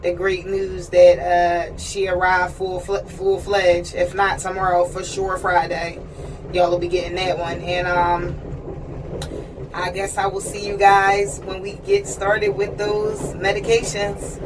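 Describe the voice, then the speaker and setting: A woman's voice: lowish voice, completely flat delivery, unhurried. A woman talking in a casual personal vlog on a train, chatty and earnest, often checking in with "you know what I mean". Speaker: vlogger. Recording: distant mic with train noise.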